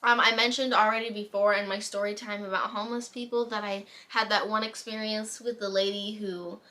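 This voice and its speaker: Young woman, bright tone, chatty storytelling, recorded at home on camera. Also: mid-range voice, fairly quick. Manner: chatty, animated retelling with bursts of laughter. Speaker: vlogger. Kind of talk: casual storytime chat. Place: home room. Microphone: camera mic.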